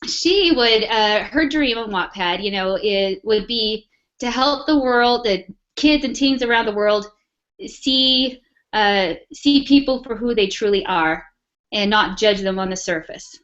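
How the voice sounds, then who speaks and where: A woman's voice: medium pitch, unhurried, a bit bright. A woman on a casual panel, chatty, laughing and full of fillers, heard over muffled video call audio.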